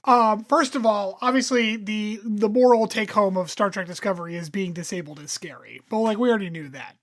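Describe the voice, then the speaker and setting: A woman's voice: medium pitch, a little fast. A woman co-hosting a podcast, blunt and sarcastic in casual chat, swearing freely. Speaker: podcast co-host.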